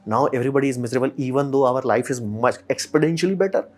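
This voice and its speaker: A man's voice: medium pitch, racing, soft background music. A man hosting a podcast, talking casually and emphatically, with rhetorical questions and mock quotes. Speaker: podcast host. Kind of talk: casual solo commentary.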